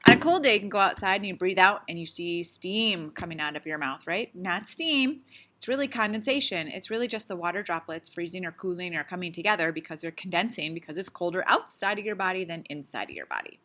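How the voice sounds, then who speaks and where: Bright chatty woman teacher, goofy, asks a ton of questions, talks with her mouth full sometimes. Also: fairly low pitch, lively intonation, brisk. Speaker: science teacher. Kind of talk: casual classroom video lesson.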